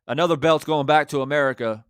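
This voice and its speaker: A man with a slightly high, a bit bright, clean-toned voice talks fast, in a dry, studio-quality recording. He's a boxing YouTuber on a live-stream, confidently and brashly reading out super chats and speaking right to his viewers.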